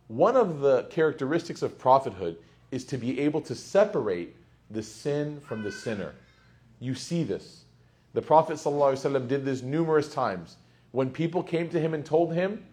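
A man giving a conversational lecture on Quranic commentary, animated and chatty with playful asides. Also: a little high, moderate pace. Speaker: Islamic teacher.

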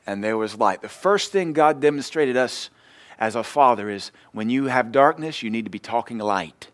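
Joking man preaching a sermon. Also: mid-range voice. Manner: joking, animated preacher who laughs at his own stories. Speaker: pastor.

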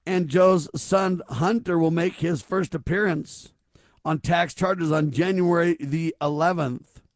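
A man's voice: a little high, slow, no echo, clean studio sound. A man hosting a talk radio show, speaking emphatically and stacking rhetorical questions. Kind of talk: conservative talk radio commentary.

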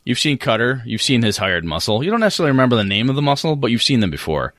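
A man narrating as game master of a tabletop role-play game, animated and full of fillers. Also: medium pitch, rapid-fire, dry recording, clean studio sound.

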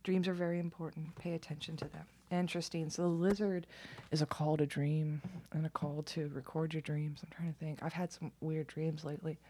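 Low, husky-voiced woman tarot reader. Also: level tone, fairly quick. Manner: soft, musing, partly whispered. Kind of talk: casual card reading and reading aloud.

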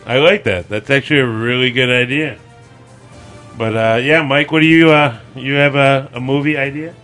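A man's voice: medium pitch, fairly even intonation, moderate pace, a bit bright, faint music behind. A man co-hosting a casual comedy chat, playing along and laughing often.

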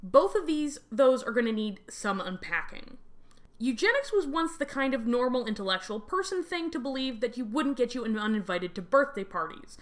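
A woman's voice: on the high side, animated, normal speed. A woman hosting a podcast, reading a scripted history narration with wry, dry asides. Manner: wry, dry humor, frequent laughs. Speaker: podcast host.

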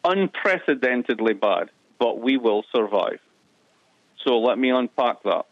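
A man's voice: mid-range voice, expressive, unhurried, dry recording, dull audio. A man from the east coast of Scotland with a Scottish accent, a professor being interviewed, joking and plain-spoken. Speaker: economics professor guest. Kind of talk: casual interview.

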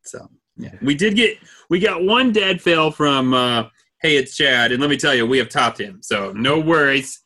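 A man's voice: medium pitch, lively intonation, moderate pace, sharp tone. A man hosting a podcast, chatting in an easygoing, reassuring way and reading out listener messages. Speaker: podcast host. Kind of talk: casual chat.

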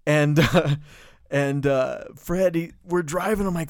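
Middle-aged male co-host, spins lively small-town yarns, cusses, jumps up high when worked up; close, dry mic. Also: takes it slowly, no echo. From Bloomfield, New Mexico. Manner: animated storyteller, swears, gets loud and high when excited. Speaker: podcast co-host. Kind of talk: casual storytelling chat.

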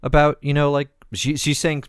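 A man's voice: fairly high pitch, little pitch movement, normal speed, clean tone, no echo, clean studio sound. A man co-hosting a casual podcast, recapping comic plots in a rambling, hesitant way with many fillers. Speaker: podcast co-host. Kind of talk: casual comic-book discussion.

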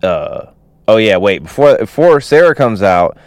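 A man's voice: lowish voice, big pitch swings, measured pace, no room sound. A man casually recapping a movie plot, rambling with lots of "you know" and "like" fillers. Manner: laughs while retelling.

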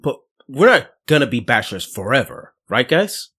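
A man's voice: mid-range voice, very animated, moderate pace, fairly bright tone, slightly rough. A man, co-hosting a tabletop game podcast, wry and teasing. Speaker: podcast co-host and player. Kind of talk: casual tabletop game chat.

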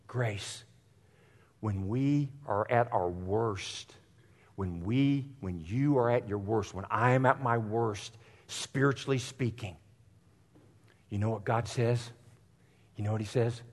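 A middle-aged man preaching a sermon, dropping to near whispers for stories and rising to loud exhortation. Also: fairly low pitch, slow pace, pauses often. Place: church sanctuary. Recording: long reverb of a church hall.

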